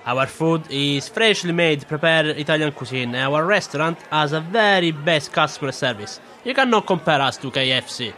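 A man's voice: fairly high pitch, lively intonation, moderate pace, hardly any pauses, bright, forceful tone, some chatter behind. A man playing a patient restaurant waiter who speaks slightly broken English. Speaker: waiter in a sketch.

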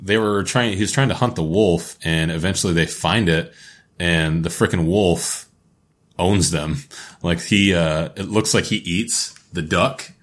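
A man's voice: sits low, unhurried. A man co-hosting a podcast in casual chat, sardonic and swearing freely. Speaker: podcast co-host.

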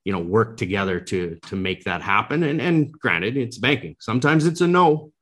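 A man's voice: medium pitch, expressive, moderate pace, fairly bright tone. A man as an interview guest, talking earnestly with frequent restarts. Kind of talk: interview conversation.

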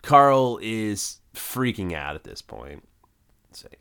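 Deep-voiced man recapping a sitcom episode. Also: big pitch swings, slow pace, vocal fry, fairly bright tone, clean tone. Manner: plot retelling with many fillers. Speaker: podcast co-host. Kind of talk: casual recap chat.

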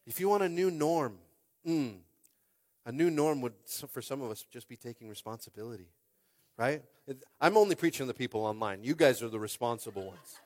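A pastor in his thirties preaching a lively sermon, acting out quotes and calling out to the congregation. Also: mid-range voice, a little fast. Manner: animated, acts out quotes, keeps calling on the crowd.

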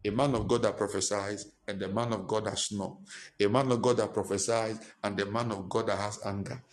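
A male pastor, preaching a sermon with impassioned repetition and sudden high-pitched emphasis. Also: darkish tone.

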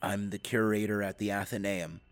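Brief: cornered young man, deep voice, dry and defiant under fear, as a narrator puts him on. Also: level tone, moderate pace, lightly acted. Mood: strained. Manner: dry, sardonic.

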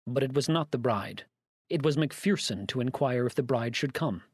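Male narrator, steady storytelling read, mid pitch, dry close mic. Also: moderate pace, husky, dry recording. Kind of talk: audiobook narration.

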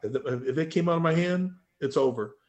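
A man, a powerlifter guest, telling a story in a casual podcast chat. He swears freely and his voice jumps loud and high when he quotes himself. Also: brisk.

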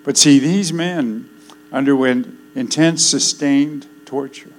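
An older man preaching a sermon, swinging between loud declarations and hushed, solemn passages. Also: medium pitch, slow, a little hiss or hum, poor audio.

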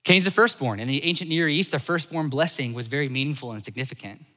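Bright-voiced animated male preacher. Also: on the high side, fast, in a large hall. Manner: animated, swings between loud emphasis and soft asides. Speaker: pastor. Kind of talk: sermon.

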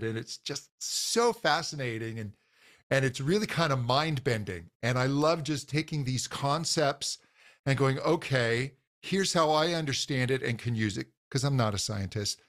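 Guest voice teacher, male, mid-pitched, earnest, loose conversational delivery. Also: fairly bright tone. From grew up in a Scottish household. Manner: earnest, enthusiastic, many fillers and restarts. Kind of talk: casual interview talk.

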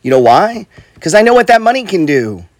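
A man's voice: high voice, very animated, a little fast, a little mellow, no room sound. A middle-aged man, an investor and coach, giving a casual motivational talk. He is blunt and profane, repeats himself, and keeps asking "right?" and saying "bro.". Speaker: real estate investor and coach.

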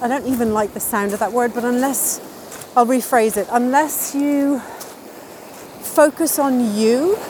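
A woman's voice: fairly high pitch, slight background noise, poor audio. A woman answering interview questions in a casual, upbeat and chatty way, laughing now and then at her own wordplay. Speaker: interviewee sharing wellbeing tips.

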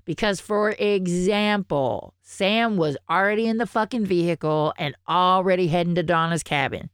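A woman's voice: on the low side, normal speed, clear, resonant tone, no echo, clean studio sound. A woman with a Southern US accent co-hosting a podcast in casual, chatty talk, laughing often and swearing freely. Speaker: podcast co-host. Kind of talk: casual chat.

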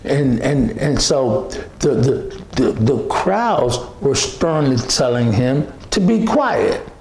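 A man preaching a sermon, slow and emphatic, repeating phrases and restarting often. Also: medium pitch, lively intonation, a little mellow, roomy sound, slight background noise.

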